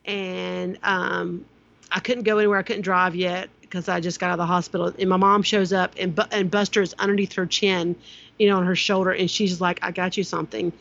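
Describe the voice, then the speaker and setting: An adult speaker reminisces in an easygoing, conversational way, with a mid-range voice and steady delivery. The recording is somewhat dull and lo-fi. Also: mid-range voice, fairly quick, vocal fry. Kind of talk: casual conversational storytelling. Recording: slightly dull lo-fi sound.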